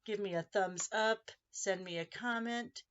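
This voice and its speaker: A woman's voice: medium pitch, measured pace, a bit bright, highs cut off. A woman hosting a casual crafting tutorial, chatting as she walks viewers through each step of a handmade card.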